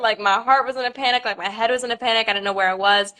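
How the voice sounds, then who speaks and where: A woman's voice: a little high, steady tone, racing, few pauses, sharp tone. A young woman, a pageant contestant, chatting on a live stream with nervous laughter and many fillers.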